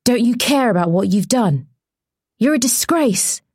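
A woman's voice: lowish voice, lively intonation, normal speed, a little mellow, breathy edge, dry recording, clean studio sound. A woman voicing a pushy, scornful male reporter who jeers and accuses in an audiobook. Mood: accusing. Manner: accusing, jeering.

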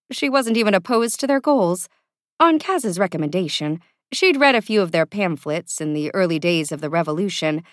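A woman narrating a fantasy audiobook in an expressive storytelling manner. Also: on the low side, no room sound, studio quality. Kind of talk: scripted narration.

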